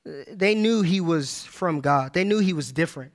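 Guy preaching a sermon, high bright voice, keeps repeating stuff for emphasis. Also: expressive, moderate pace. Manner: emphatic, repeats key phrases for stress; addresses congregation directly, reads scripture aloud.

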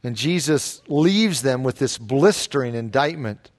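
A man's voice: medium pitch, lively intonation, unhurried. A man preaching an expository sermon, emphatic and rising and falling with the text. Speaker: pastor.

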